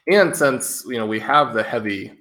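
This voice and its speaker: Bright-voiced male podcast co-host. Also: medium pitch, lively intonation, moderate pace. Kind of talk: casual podcast chat.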